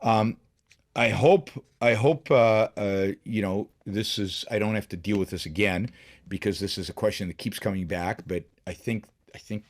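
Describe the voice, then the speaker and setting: A middle-aged man hosts a political commentary program on his own, speaking in a lowish voice at a moderate pace. He is emphatic and often restarts sentences or repeats words.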